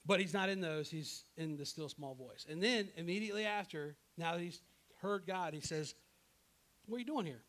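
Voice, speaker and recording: Animated man preaching a sermon. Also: a little high, moderate pace. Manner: animated, acts out characters in his own voice; conversational, often asks "right?". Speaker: pastor.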